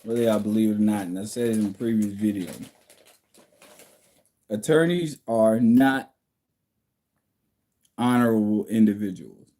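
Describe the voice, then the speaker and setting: A man's voice: on the low side, normal speed, long pauses, dark tone. A man hosting a casual livestream from home, reading viewer comments and answering them bluntly, like a lecture.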